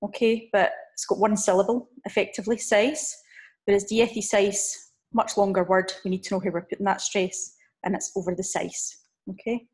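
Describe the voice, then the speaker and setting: A woman teacher giving a recorded online lesson, drilling numbers slowly and checking in with "okay?" as she explains. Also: mid-range voice, level tone, darkish tone. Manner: slow, drawn-out drill of numbers with frequent "okay?" check-ins. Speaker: language teacher.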